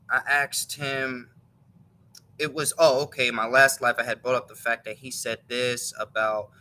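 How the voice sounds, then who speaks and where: A man's voice: medium pitch, pushed and bright, slight background noise, poor audio. A man casually retelling a story, rambling and correcting himself as he goes, with a chuckle in his voice. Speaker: show host.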